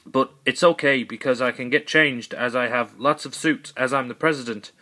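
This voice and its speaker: A man's voice: mid-range voice, fairly even intonation, normal speed, pushed and bright, natural voice. A man voicing a bumbling, cowardly male president who rambles and corrects himself.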